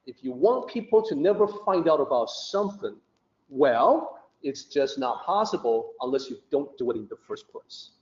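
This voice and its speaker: Male teacher, mellow tone, unhurried chatty explainer, roomy dull-sounding recording. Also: mid-range voice. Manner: patient, conversational, with many fillers. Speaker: teacher of Taoist philosophy. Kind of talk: explanatory podcast talk. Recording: muffled and roomy.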